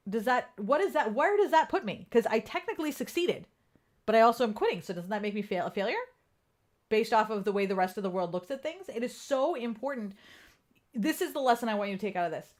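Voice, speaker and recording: A woman coach talking casually and candidly on a live stream, animated and swearing freely. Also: a little high, quick pace.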